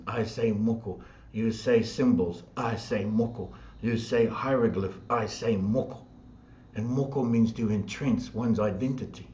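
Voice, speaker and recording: Slow repetitive New man, echoey. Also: fairly low pitch, warm tone, slight background noise. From New Zealand. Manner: slow, repetitive, chant-like phrasing. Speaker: spiritual teacher. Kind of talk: spiritual talk. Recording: dull sound in an echoey room.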